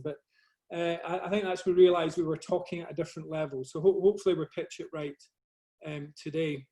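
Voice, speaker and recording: A middle-aged man from Scotland with a soft Scottish accent, giving a modest, conversational talk about his photography over a video call. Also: sits high, fairly even intonation, brisk. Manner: modest, conversational, self-deprecating. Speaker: guest speaker, photographer.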